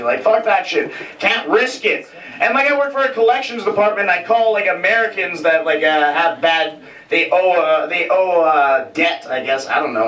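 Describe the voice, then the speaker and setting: A man's voice: high voice, fairly bright tone. A man in his twenties doing a rambling, self-deprecating stand-up set on a comedy club stage. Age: 20s. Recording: roomy club, distant mic, crowd. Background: audience laughter.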